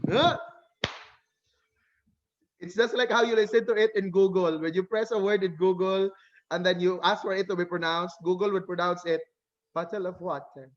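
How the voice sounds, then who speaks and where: A man with a Filipino accent, teaching an online class in a playful, teasing, animated way. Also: high voice, normal speed, pauses often. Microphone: video call. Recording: dull lo-fi video call audio.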